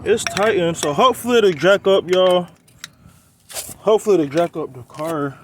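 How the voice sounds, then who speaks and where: Speaking at a normal speed in a high voice, a young man chats casually to his viewers as y'all while working on his car outdoors. He's a car vlogger on a quiet roadside, a little out of breath, his talk loose and rambling over slight background noise.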